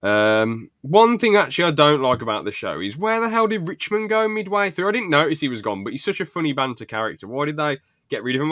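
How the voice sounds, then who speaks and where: Blunt guy, bright and forceful. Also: mid-range voice, no echo, studio quality. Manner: animated, blunt, laughs often. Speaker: podcast host. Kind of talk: casual chat.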